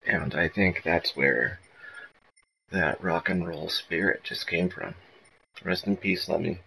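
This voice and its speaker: A man's voice: low voice, takes it slowly, creaky, long pauses, sharp tone, slightly rough, soft background music, poor audio. A man hosting a gaming video, rambling casually and self-mockingly with plenty of swearing. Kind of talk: casual gameplay commentary.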